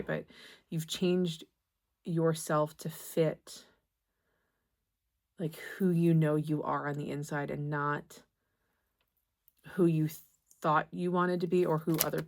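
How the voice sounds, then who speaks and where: Low-voiced gentle woman tarot reader. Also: vocal fry. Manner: gentle, reassuring, halting with many restarts. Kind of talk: tarot reading to camera.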